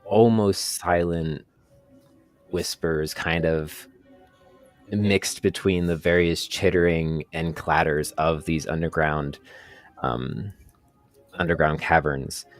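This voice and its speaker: A man's voice: a bass voice, steady tone, slow pace, long pauses, soft background music. A man narrating a tabletop role-playing game as game master, rambling and descriptive with many fillers.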